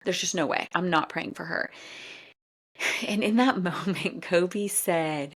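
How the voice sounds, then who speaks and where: A woman's voice: on the low side, normal speed, slightly rough. A woman hosting a podcast, telling a personal story in a casual way, with lots of quoted dialogue and "y'all". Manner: animated retelling with quoted dialogue; casual, uses "y'all" and fillers. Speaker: podcast host.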